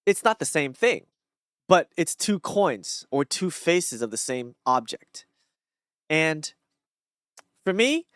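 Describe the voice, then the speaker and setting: A man on a solo stream, rambling and reflective, with a lively, swooping pitch. His voice is close and dry with no room sound. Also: no room sound. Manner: rambling, reflective, many fillers and restarts. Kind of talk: casual solo talk reading and musing on thoughts.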